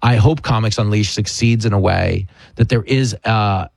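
A man hosting a radio talk show, chatting casually and joking in a quick, animated way. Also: fairly low pitch, gravelly, husky, dry recording. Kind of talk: casual comedic chat.

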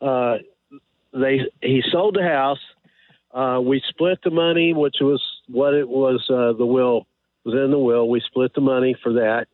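A man calling in to a radio advice show, telling his story in a rambling, halting way with many pauses and fillers. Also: medium pitch, steady tone, no room sound. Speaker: caller. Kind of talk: call-in radio question. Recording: tinny phone line.

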